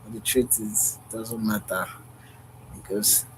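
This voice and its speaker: A man's voice: on the low side, steady tone, unhurried, background noise. A man vlogging outdoors in an earnest, repetitive, musing monologue about love. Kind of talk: unscripted heartfelt monologue.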